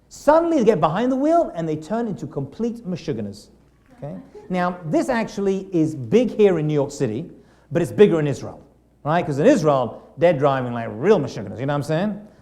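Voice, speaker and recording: A man from England, a rabbi giving a lively classroom lecture and asking his students questions. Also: high-pitched. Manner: animated, acts out quoted lines, asks the room questions. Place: classroom in New York City.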